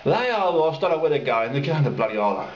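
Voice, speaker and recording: A man's voice: a little high, sing-song, quick pace, slight background noise. A man ranting angrily about drivers asking him for directions, swearing and mocking them in put-on voices. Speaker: cyclist ranting to camera. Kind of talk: angry rambling rant. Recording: roomy, dull lo-fi sound with faint ambience.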